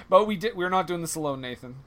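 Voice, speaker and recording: A man hosting a comedy podcast, easygoing and quick to laugh as he introduces a guest. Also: high-pitched, animated, a bit bright. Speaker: podcast host.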